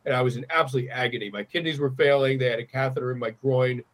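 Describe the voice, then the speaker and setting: A man's voice: medium pitch, fairly even intonation, quick pace, a bit bright. A middle-aged man telling a personal story in conversation, earnest and often restarting his sentences. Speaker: guest.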